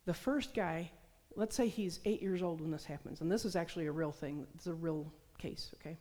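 A woman's voice: low-pitched, a little fast, dark tone. Woman preaching in a reverberant hall. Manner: storytelling, acts out quoted voices. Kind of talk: sermon.

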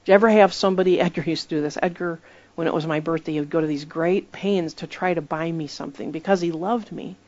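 A woman with a somewhat low voice gives a conversational sermon, telling stories with emphasis and slipping into the voices of the people she quotes. The recording sounds dull and lo-fi. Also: steady tone, quick pace, a little mellow, dry recording. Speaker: preacher.

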